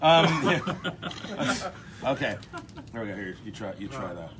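A man's voice: lowish voice, slow, background noise. A man hosting a radio taste test, joking and laughing as he chats. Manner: joking, animated, laughs often. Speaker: radio host. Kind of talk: casual chat.

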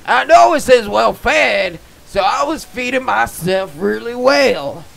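A man doing comedic gameplay commentary in a goofy, dim-witted yokel persona with folksy slang, bursting into excited shouts. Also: very high-pitched, takes it slowly, creaky, low-quality recording. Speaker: gamer vlogger.

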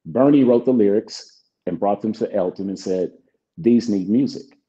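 With a lowish, dark voice at a moderate pace, a middle-aged man appears as a songwriter guest in a relaxed interview. He recounts stories by playing both parties in past conversations, over dull lo-fi audio.

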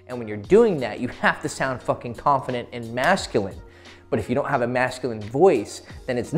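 A mid-pitched male dating coach talking frankly to his viewers, swearing freely and chuckling through his points. Faint music plays quietly underneath. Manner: profane, laughing often mid-sentence. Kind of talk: casual instructional talk to camera.

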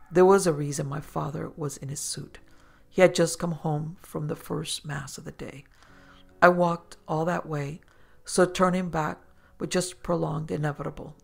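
A woman host narrating a first-person horror story in a measured, dramatic way. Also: deep voice, gravelly, breathy edge.

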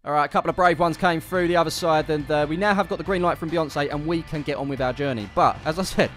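Fast-talking wry male vlogger. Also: fairly high pitch, fairly bright tone. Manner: wry, sarcastic asides. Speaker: football vlogger. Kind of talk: comedic travel vlog narration. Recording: faint music behind the voice.

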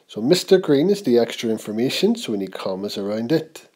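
A man teaching a grammar lesson, reading example sentences slowly and with emphasis. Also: mid-range voice, very animated, warm tone. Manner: slow, clear, reads example sentences aloud with emphasis.

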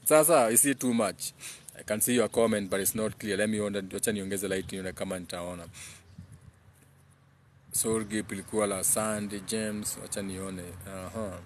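A man's voice: lowish voice, steady tone, moderate pace, slight background noise. A man hosting a live stream, preaching in a rambling monologue that hops between English and Swahili and reads out viewer comments. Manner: repeats phrases in chant-like bursts.

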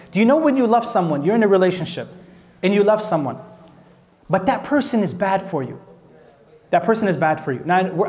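A man from Minnesota delivers an Islamic talk in a high-pitched voice. He speaks conversationally, peppering listeners with rhetorical questions and light jokes. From Minnesota, USA. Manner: asks the audience rhetorical questions, animated and joking. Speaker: sheikh giving a lecture.

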